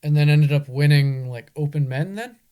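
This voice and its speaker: Laid-back young man, high voice. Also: moderate pace, dark tone, smooth. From Canada. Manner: laid-back storyteller, says "like" often. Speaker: guest, enduro racer. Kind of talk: casual chat.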